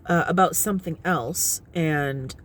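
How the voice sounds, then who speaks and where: A woman's voice: low voice, unhurried, a little hiss or hum. A middle-aged woman vlogging casually from her car, chatty and often laughing as she explains at length. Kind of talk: casual talking-head vlog. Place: inside her parked car. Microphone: phone propped on the steering wheel.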